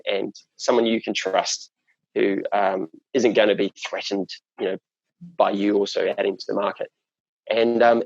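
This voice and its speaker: A man's voice: lowish voice, gravelly, a little mellow, no echo, highs cut off. A man from New Zealand with a New Zealand accent, chatting as an interview guest in a rambling way, full of fillers and restarts. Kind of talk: casual chat.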